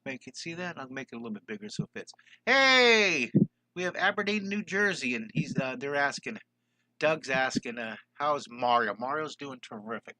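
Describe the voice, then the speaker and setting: A man's voice: medium pitch, animated, fairly quick, sharp tone, dry recording, low-quality recording. An older man, an enthusiastic drawing teacher, chatting with viewers and greeting them by name during a live-streamed lesson.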